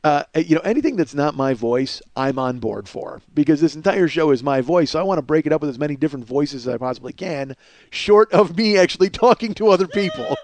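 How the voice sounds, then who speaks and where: Man, 40s, hoarse voice, rambling profane comic podcast host, dry close recording. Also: fairly high pitch, animated, fast, no room sound. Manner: rambling, profane, self-mocking. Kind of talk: comedic solo monologue. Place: kitchen at home.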